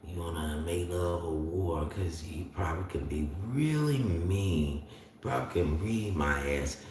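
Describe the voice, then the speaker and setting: A man's voice: low-pitched, unhurried, darkish tone, a little hiss or hum. A man from Florida with a Southern accent, rambling in casual livestream chat and answering viewers' comments. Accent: Southern US (north Florida). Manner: rambling, drawling, talks back to chat. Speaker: livestream host. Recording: very echoey room, distant mic.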